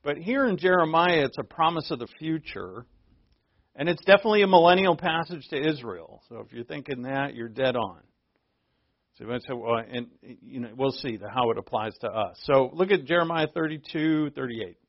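A man's voice: medium pitch, lively intonation, moderate pace, highs cut off. A man preaching a verse-by-verse sermon as pastor, in a conversational, self-deprecating way with frequent fillers. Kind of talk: expository sermon.

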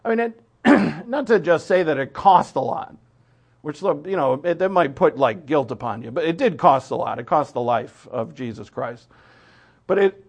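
A man preaching a sermon in an informal, conversational way, often clearing his throat and using fillers. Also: medium pitch. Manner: informal, with many fillers and restarts.

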